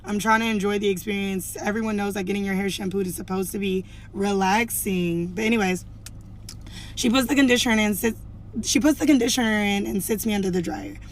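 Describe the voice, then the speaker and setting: A woman's voice: mid-range voice, fairly even intonation, fairly quick, a little hiss or hum. Chatty young woman telling a story. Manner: chatty, heavy use of "like", acts out quoted lines. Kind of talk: casual storytime to camera.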